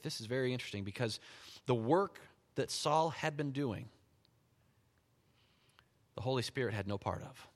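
A man delivering a sermon with a mid-range voice. He reads scripture and retells it in animated storytelling, often chuckling. A long reverb trails his words through the hall. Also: medium pitch, normal speed, pauses often. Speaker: preacher.

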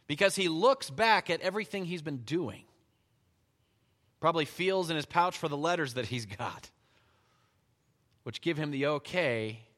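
A man delivering a sermon with a mid-range voice. He reads scripture and retells it in animated storytelling, often chuckling. A long reverb trails his words through the hall. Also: mid-range voice. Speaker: preacher.

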